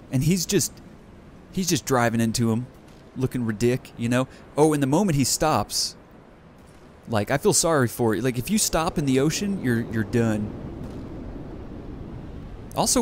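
Excitable young man narrating gameplay. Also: slight background noise. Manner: enthusiastic, bursts of high excitement. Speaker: let's play host.

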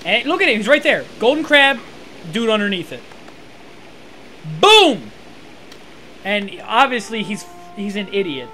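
A man with a high, boyish voice giving sarcastic, bossy, swearing commentary while his friend plays a video game. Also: lively intonation, a little fast, sharp tone, soft background music. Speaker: co-host watching and backseat-directing. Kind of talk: casual gameplay commentary.

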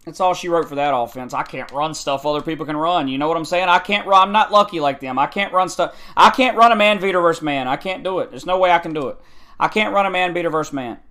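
A man's voice: on the high side, quick pace, bright, forceful tone. A man giving frustrated, ranting gameplay commentary on a football video game, repeating his complaints over and over.

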